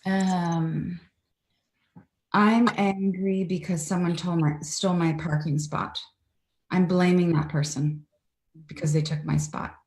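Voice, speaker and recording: A woman's voice: on the low side, steady tone, slow pace, a little mellow, echoey room. A Canadian woman speaking earnestly and reflectively as an interview guest over a video call.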